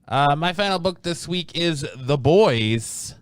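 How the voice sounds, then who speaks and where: A man hosting a laid-back comic review chat, his voice smooth and resonant in a dry, close space. He rambles through each summary, doubling back and filling pauses with ums. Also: fairly high pitch, lively intonation, no echo. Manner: rambling, restarts often, many ums. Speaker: comic book reviewer, podcast host.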